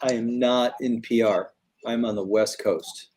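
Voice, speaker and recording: A husky, mid-pitched male voice co-hosting a casual trading livestream. He talks in a relaxed, joking, profane way. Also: measured pace. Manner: laid-back, joking and profane.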